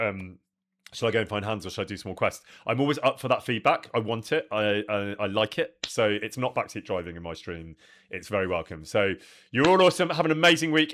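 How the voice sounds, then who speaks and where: A man's voice: medium pitch, fairly bright tone. A man chatting casually and rambling through asides as he streams a video game, laughing easily. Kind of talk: casual live-stream chat.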